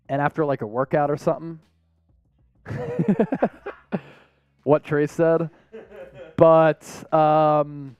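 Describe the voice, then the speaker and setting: A man's voice: a little high, no room sound, dull audio. A man hosting a live sports stream, chatting casually in a laid-back, rambling way with frequent chuckles. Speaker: sports show host.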